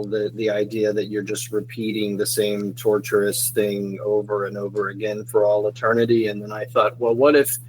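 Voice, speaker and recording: A man's voice: lowish voice, a little hiss or hum, rough recording. A man chatting casually as a podcast guest who created the show, rambling and laughing easily.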